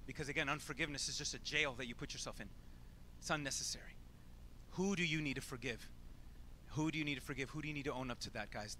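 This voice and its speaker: A man's voice: mid-range voice, pushed and bright, a little hiss or hum. A man preaching a sermon, emphatic and informal, asking rhetorical questions and repeating phrases for effect.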